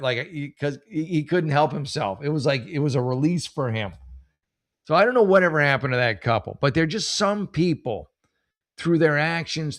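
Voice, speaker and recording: A man hosting a casual comedic commentary show, rambling and self-mocking, with many restarts and drawn-out punchlines. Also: medium pitch. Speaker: host.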